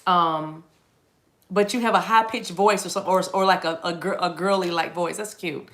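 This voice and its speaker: A woman's voice: lowish voice, fairly even intonation, moderate pace, a bit bright. A woman giving a casual, rambling tarot reading to camera, chatty and playful, often restarting her sentences. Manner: chatty and playful, jumps into silly voices and laughs. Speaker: tarot reader.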